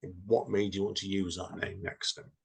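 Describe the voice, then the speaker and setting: A man's voice: low-pitched, little pitch movement, normal speed, slightly rough. A tired man hosting a podcast in a loose, rambling casual chat, laughing often. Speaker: podcast host.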